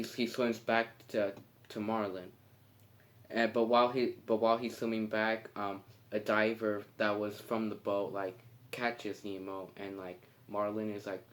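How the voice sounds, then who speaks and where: A man casually retelling a film's plot, halting and full of fillers and restarts. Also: on the low side, level tone, a bit bright. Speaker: movie reviewer.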